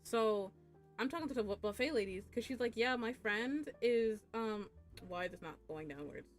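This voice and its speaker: Profane, animated young woman streamer. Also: normal speed, soft background music. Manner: animated, profane, jumps into high squeaky voices for quotes. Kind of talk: casual storytime chat.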